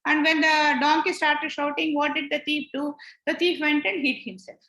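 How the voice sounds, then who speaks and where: High, bright woman teaching scripture. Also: flat delivery, normal speed, reverberant. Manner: patient, repeats points and retells stories. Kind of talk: explanatory class lecture.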